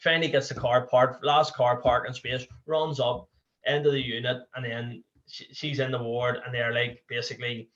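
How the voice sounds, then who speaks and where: Rambling through a candid personal story, this Northern Irish podcast guest keeps saying "you know" and restarting. His mid-range voice is flat but fairly bright, at a normal pace, on dull audio.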